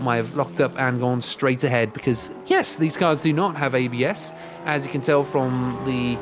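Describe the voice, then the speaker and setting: Brief: male sim-race commentator, slightly high voice, chatty, engines and music underneath. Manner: chatty, rambling asides between race calls. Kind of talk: live sim racing commentary. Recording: game engine sounds and music behind. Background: racing car engine noise and music.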